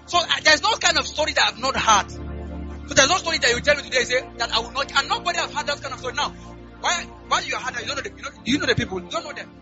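Over background music, a pastor with a very high, expressive voice speaks fast through a church sermon, announcements, and prayer, and the audio is muffled. He works the crowd with call-and-response, repeatedly checking "are we together?", before rising into loud, fervent prayer.

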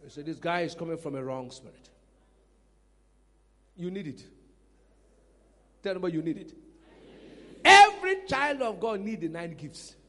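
A man preaching a sermon as pastor, animated, breaking into shouts and laughter. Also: fairly high pitch, measured pace, long pauses. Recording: reverberant hall with faint music.

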